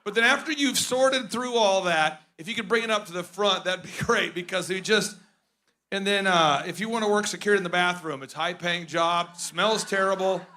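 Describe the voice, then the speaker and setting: A man hosting a conference, joking and rambling in animated comedic stage banter. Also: sits high, moderate pace. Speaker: conference host.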